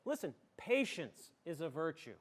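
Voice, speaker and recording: A man's voice: fairly high pitch, very animated, moderate pace. A middle-aged man from western New York, a school superintendent giving a folksy, joking, emphatic talk to a community audience. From southern tier of western New York.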